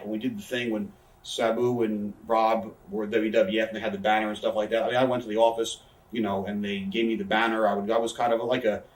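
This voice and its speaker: A man in a candid interview, telling backstage stories in a rapid, profane way and acting out what others said. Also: lowish voice. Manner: rapid, profane, acts out quoted voices. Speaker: interview guest, former wrestler. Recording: echoey room, somewhat far from mic.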